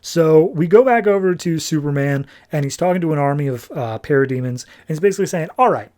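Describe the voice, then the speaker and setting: A man on a podcast casually recaps a comic book, talking in a loose, rambling way. His voice sits a little higher than most men's. He keeps sprinkling in "like" as he goes. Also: expressive, fast, warm tone. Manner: loose, chatty retelling full of "like" and quoted dialogue. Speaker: podcast host.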